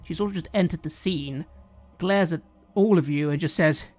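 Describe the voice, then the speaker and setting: Measured tabletop game master narrating. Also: mid-range voice, darkish tone.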